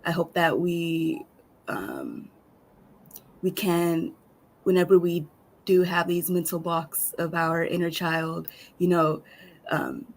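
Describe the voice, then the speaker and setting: A woman guest speaker closing her session, soft-spoken and halting, with many fillers. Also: fairly low pitch, vocal fry, rough recording. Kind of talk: closing a virtual summit session.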